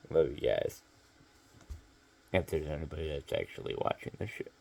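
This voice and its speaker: Low gravelly man rambling through a story. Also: sing-song, moderate pace, darkish tone. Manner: rambling, filler-heavy, profane. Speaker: vlogger telling a story. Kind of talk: casual storytelling monologue.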